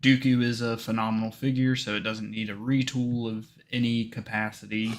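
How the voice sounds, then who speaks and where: A man's voice: on the low side, little pitch movement, moderate pace, a little hiss or hum. A man co-hosting a casual livestream chat, blunt and profane and teasing his co-host.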